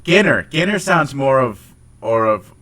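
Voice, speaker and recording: An American man chatting casually on a podcast, rambling and halting, with casual swearing. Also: medium pitch, expressive, bright, forceful tone. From United States. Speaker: podcast host. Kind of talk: casual chat.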